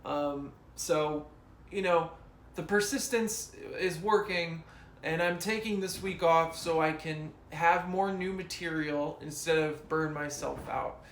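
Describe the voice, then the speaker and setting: A man chatting casually on a live stream from his home, slow and hesitant with many fillers. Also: fairly high pitch, fairly bright tone. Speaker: streamer and musician. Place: home room. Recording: roomy echo, faint room noise.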